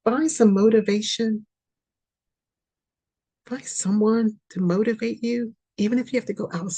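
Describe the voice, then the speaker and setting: Husky woman pleading in a spiritual reading. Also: on the high side, unhurried, pauses often. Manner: pleading, repetitive, swings between loud and soft. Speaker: podcast host, spiritual reader.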